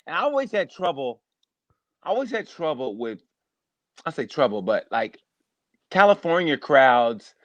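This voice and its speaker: High-energy animated comedian man, dry sound. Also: measured pace, pauses often, no room sound, lo-fi sound. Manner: animated, rambling storyteller, acts out voices. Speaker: stand-up comedian guest. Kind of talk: casual podcast chat.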